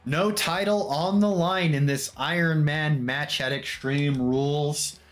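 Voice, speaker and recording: A man's voice: fairly high pitch, fairly even intonation, slow pace. A man giving casual, wry game commentary as he recaps wrestling matches, dropping mock quotes. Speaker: gameplay commentator. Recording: background music under voice. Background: background music.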